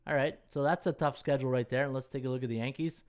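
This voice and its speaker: A man's voice: medium pitch, fairly even intonation, fast talker, clean tone. A man hosting a sports betting podcast, rambling casually as he thinks aloud, checks schedules on screen and talks to his chat viewers. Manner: many fillers and restarts, checks schedules on screen. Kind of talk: casual live-stream chat.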